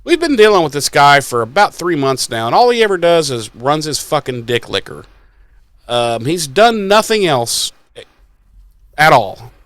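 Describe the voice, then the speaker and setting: A man's voice: fairly high pitch, very animated, normal speed, a bit bright, no echo. A man co-hosting a podcast, recapping a show in crude, exasperated casual chat and acting out the characters' lines. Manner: crude, exasperated, acts out quotes. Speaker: podcast co-host.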